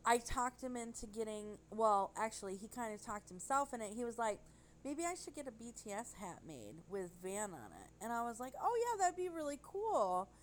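A woman telling a rambling, animated story in casual chat. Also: on the high side, moderate pace, poor audio.

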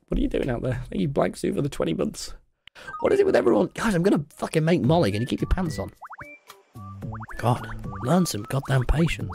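A young Englishman streaming a game in loud, excitable casual chat, swearing freely. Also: gravelly. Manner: loud, excitable, swearing, jumping into squeaky baby talk.

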